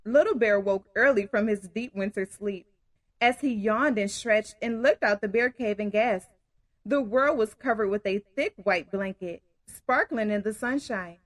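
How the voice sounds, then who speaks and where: A woman storyteller reading a picture book aloud to children in an expressive, engaging way. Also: medium pitch, a little slow, no room sound. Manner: warm, expressive, addresses kids directly.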